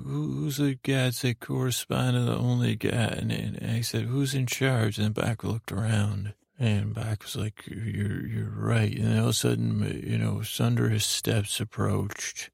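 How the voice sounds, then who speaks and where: In a drowsy, low-key improvised bedtime story, this podcast host's very gravelly, creaky voice halts and circles back, heavy with fillers and restarts. The sound is close, dry, a little mellow, and free of echo.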